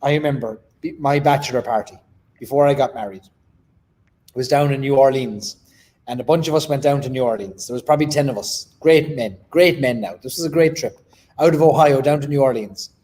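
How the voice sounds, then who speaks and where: A man's voice: mid-range voice, brisk, a little mellow. A man hosting a casual chat, teasing his guest and telling stories. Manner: chatty, teasing storyteller. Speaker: host.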